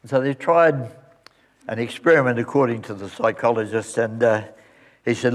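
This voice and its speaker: A male pastor telling a story at the close of a sermon and leading a quiet prayer. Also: medium pitch, normal speed. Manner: storytelling, then soft reverent prayer.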